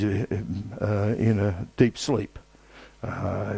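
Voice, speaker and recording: A man preaching a sermon with emphatic, repetitive phrasing and dramatic pauses. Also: on the low side, little pitch movement, vocal fry, dark tone, breathy edge, no echo.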